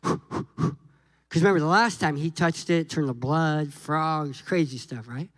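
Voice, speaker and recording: A man's voice: fairly high pitch, measured pace, dry recording, poor audio. A man preaching a sermon as a guest pastor, joking and acting out conversations with God and Moses. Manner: animated, jokey, acts out dialogue with God and Moses.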